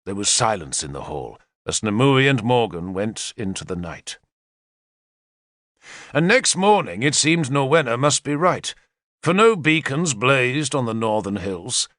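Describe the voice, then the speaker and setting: A man reading a historical novel aloud as narrator, in a measured first-person storytelling manner. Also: medium pitch, dry recording, clean studio sound. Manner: measured storytelling with lively intonation. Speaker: audiobook narrator.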